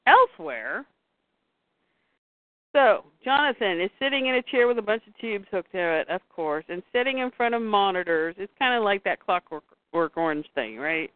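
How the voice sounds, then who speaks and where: A woman's voice: mid-range voice, lively intonation, moderate pace, dry recording. A woman co-hosting a casual chat, retelling comic scenes and reading the dialogue aloud. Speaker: comics podcast co-host. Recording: tinny phone-like line, dry.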